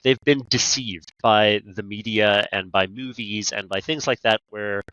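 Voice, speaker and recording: A man's voice: on the low side, steady tone, a little slow, bright, forceful tone, no room sound, muffled recording. A man with a Canadian accent, a podcast guest talking about negotiation training in a conversational interview, telling stories animatedly with quoted asides.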